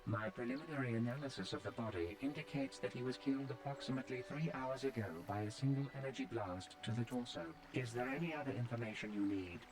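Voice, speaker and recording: A brisk, formal information droid. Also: male voice, medium pitch, over music, poor audio. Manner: formal, crisp, helpful. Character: polite male information droid.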